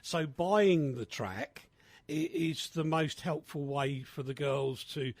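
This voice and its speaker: A man hosting a casual radio chat, animated and chatty with many fillers. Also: medium pitch, takes it slowly, vocal fry, dry recording. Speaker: radio host.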